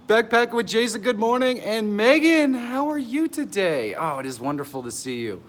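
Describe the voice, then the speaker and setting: An excitable middle-aged man hosting a live stream from an outdoor pavilion, greeting viewers by name and laughing often, a bit nervous. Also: high voice, moderate pace. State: nervous and stressed.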